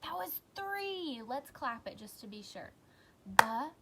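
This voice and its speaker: A woman teacher giving a recorded lesson for young children, encouraging them and clearly sounding out words. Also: sits high, very animated, unhurried, heavy background noise.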